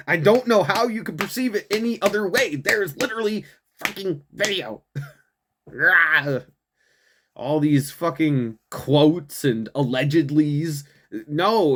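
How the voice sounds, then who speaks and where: A man's voice: on the high side, fairly bright tone. Profane, mocking male commentary host. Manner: profane, laughs often, mocking. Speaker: show host. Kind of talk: ranting political commentary.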